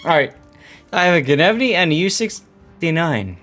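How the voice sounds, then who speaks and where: A man's voice: a little high, very animated, normal speed, a bit bright, faint music behind. A man hosting a casual gaming stream, joking, swearing and laughing as he plays. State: has the hiccups. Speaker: streamer and game host.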